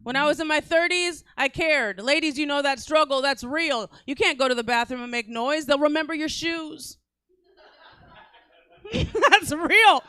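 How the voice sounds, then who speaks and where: A woman's voice: high voice, normal speed, hardly any pauses, fairly bright tone, dry recording. A woman in her forties doing a brash, crude stand-up set on a comedy club stage, teasing the crowd.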